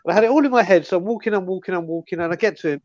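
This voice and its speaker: A man's voice: sits high, racing, highs cut off, noisy background. A man from North London with a London accent, telling a laughing anecdote on a casual fan call-in show. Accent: London English. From North London, England. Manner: lively, laughing anecdote teller. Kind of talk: casual storytelling chat.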